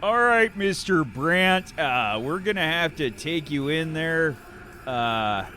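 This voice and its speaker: A man voicing a patient police officer who calmly pleads with a troublemaker to get in the car. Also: on the high side, slight background noise, pitched above the performer's own voice. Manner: calm, pleading, tired.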